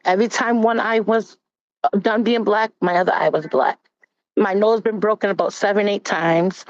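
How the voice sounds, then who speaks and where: A woman's voice: medium pitch, fairly even intonation, moderate pace, no echo. A woman giving a candid, blunt personal testimony as a panel guest. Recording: dull, dry recording.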